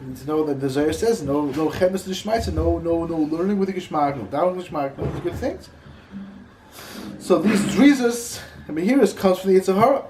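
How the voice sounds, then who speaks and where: Halting man teaching a Torah class. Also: fairly high pitch, echoey room, background noise. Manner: halting, repeats and restarts phrases.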